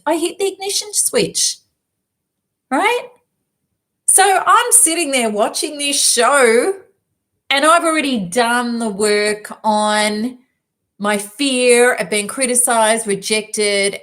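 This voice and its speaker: A woman self-help speaker telling a personal story in an emphatic, lively way. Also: on the high side. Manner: lively, emphatic, quick asides. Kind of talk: storytelling talk to an audience.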